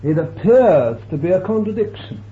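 Emphatic preacher with a tinny recording. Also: male voice, sits high, animated. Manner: emphatic, slow, dramatic swells and drops. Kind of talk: sermon. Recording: tinny lo-fi recording with faint hiss.

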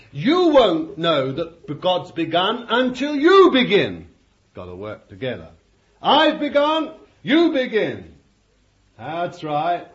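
A male preacher with a high voice that swings widely up and down, delivering a fervent sermon. He lingers over his words, repeats key phrases and addresses the congregation as beloved. The recording is dull and lo-fi.

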